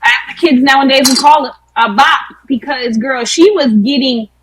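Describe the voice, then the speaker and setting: A woman co-hosting a podcast, jumping in with quick reactions in casual chat. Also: high voice, slight background noise, poor audio. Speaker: podcast co-host.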